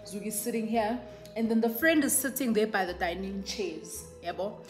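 A woman's voice: medium pitch, normal speed, faint music behind. A young South African woman telling a casual storytime, chatty and switching between English and isiZulu. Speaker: YouTuber.

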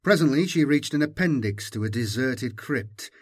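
Man, audiobook narrator, measured dramatic reading, mid-pitched voice. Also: expressive, breathy edge. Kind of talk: scripted narration.

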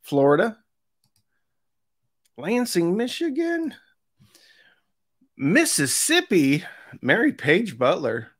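Man, gravelly voice, live stream host, chatty, joking asides. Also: medium pitch, expressive, measured pace, long pauses, a bit bright. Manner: chatty, jokey asides between roll calls. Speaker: host of an audio review channel. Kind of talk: live stream chat, reading out viewer locations.

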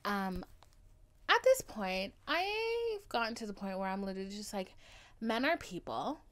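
A woman's voice: mid-range voice, sing-song, unhurried, a bit bright. Overdramatic, gushing young woman podcaster. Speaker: podcast host. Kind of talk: casual solo podcast monologue.

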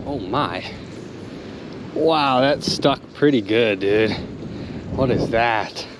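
A man vlogging from a small boat on a river outdoors, talking excitedly to viewers with loud exclamations and lots of "dude" and "you guys". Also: mid-range voice, extremely slow, very noisy. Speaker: magnet fishing vlogger. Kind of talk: excited outdoor vlog commentary.

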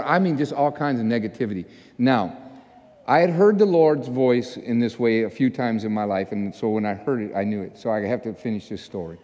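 A man pastor telling a story in a sermon, animated and self-mocking, acting out the people in it. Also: lowish voice. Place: church sanctuary. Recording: long church hall reverb.

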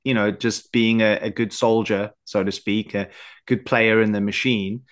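A man's voice: on the low side, flat delivery, moderate pace. A man with a South African accent, hosting a podcast in casual conversation. He talks in a thoughtful, reflective way. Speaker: podcast host.

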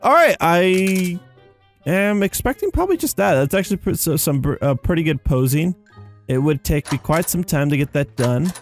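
A young man giving casual, rambling commentary on his game, excitable and tired, with faint music behind him. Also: a little high, brisk. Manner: excitable, rambling, says "dude" and "you guys". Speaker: gaming YouTuber.

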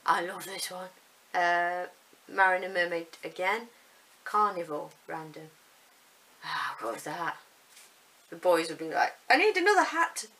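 A woman's voice: fairly low pitch, fairly even intonation, measured pace, sharp tone, rough recording. A woman, chatting casually and rambling a little as she unboxes yarn. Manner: chatty, rambling, self-deprecating. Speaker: vlogger showing yarn.

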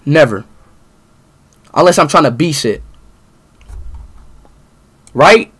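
High-pitched husky young man ranting at chat. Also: expressive, slow pace. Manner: angry profane ranting, bursts into shouting. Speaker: streamer. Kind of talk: ranting live stream to chat.

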